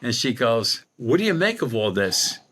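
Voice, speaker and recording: Bright-voiced man telling a story. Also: medium pitch, normal speed, a little hiss or hum. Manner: animated anecdote-telling with quoted dialogue. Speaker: guest medium and paranormal investigator. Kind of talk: storytelling in a podcast interview.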